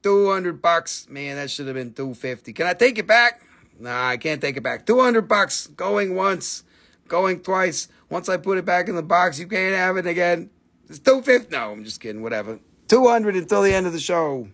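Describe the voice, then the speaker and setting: Male live-stream crystal seller, raunchy jokester, auctioneer-style price calls, voice sits a bit high. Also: lively intonation, normal speed, a bit bright. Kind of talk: casual live-stream selling chat.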